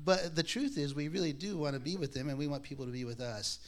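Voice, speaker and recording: A man's voice: fairly high pitch, fast talker. A man telling a personal testimony to a congregation in a conversational, self-deprecating way, acting out the dialogue he quotes. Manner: frequent restarts and laughs. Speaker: speaker sharing a personal testimony. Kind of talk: sermon-style personal storytelling.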